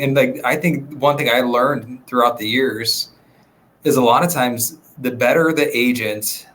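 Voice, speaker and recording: A man who works as a real estate agent, a podcast guest chatting in a relaxed, rambling way with many fillers. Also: mid-range voice. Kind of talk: casual podcast conversation.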